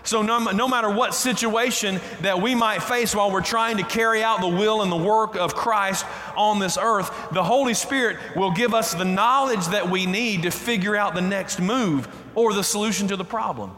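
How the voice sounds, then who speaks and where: A man's voice: high-pitched, normal speed, bright, forceful tone. A man preaching a sermon as pastor, emphatic and repeating his key phrases. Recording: reverberant hall, roomy echo.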